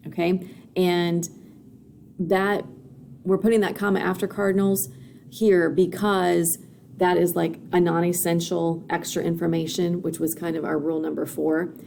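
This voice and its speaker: Woman teacher, recorded grammar lesson, gravelly, dark mellow tone, patient, faint background hiss. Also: on the low side, little pitch movement, measured pace. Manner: patient, explanatory, frequent fillers and "okay?" checks.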